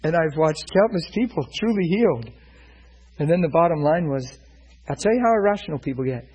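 A man's voice: on the high side, lively intonation, a little fast, a little mellow, breathy edge, low-quality recording. A man preaching, retelling a personal story in dialogue and turning it into a lesson, often checking that his listeners follow. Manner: retells a personal story, quoting both sides; asks listeners if they follow. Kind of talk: sermon storytelling.

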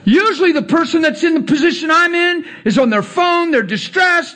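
A man's voice: moderate pace, hardly any pauses. A man preaching, telling a personal story with acted-out dialogue and emphatic rising passages. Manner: animated, acts out dialogue, rises to emphatic highs. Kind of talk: sermon storytelling.

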